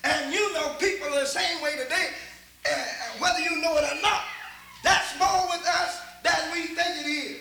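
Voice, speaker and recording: An older man with a Texan drawl preaches in a strikingly high, bright voice. He tells folksy stories, repeats himself and rises into shouts. The sound rings through an echoey church hall with faint background hum. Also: steady tone, normal speed, gravelly. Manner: folksy storytelling, repeats words, builds to shouts. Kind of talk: folksy sermon.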